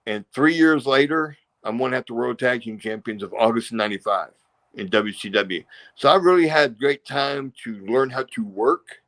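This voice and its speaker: A middle-aged man talks through long, rambling stories in a relaxed interview. He acts out what others said and drops in punchy sound effects. His voice sits at an ordinary middle pitch. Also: normal speed. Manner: rambling, acts out quotes and crowd noises. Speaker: interview guest, former pro wrestler. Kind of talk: casual storytelling interview.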